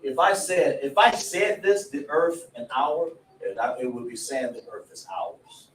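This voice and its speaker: A man teaching a religious class in a casual, animated way, laughing and drawing call-and-response from his students. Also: medium pitch, a little slow. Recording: echoey room, voice from a distance, faint noise.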